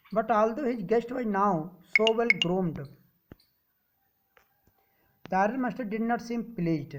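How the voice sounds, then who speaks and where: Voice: medium pitch, lo-fi sound. A teacher with an Indian English accent explaining a story line by line, reading a passage and then restating it in simple words.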